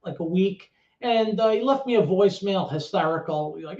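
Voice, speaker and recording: A middle-aged man tells a candid story as an interview guest, blunt and swearing, with halting repetitions. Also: sits high, a little mellow. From New York. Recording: roomy, dull lo-fi sound.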